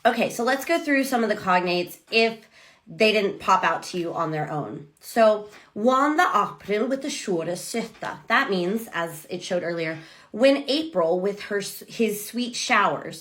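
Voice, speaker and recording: A woman's voice: mid-range voice, expressive, measured pace, a bit bright. An American woman professor talking casually to camera, enthusiastically explaining step by step. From United States. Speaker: literature professor. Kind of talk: casual educational talk to camera.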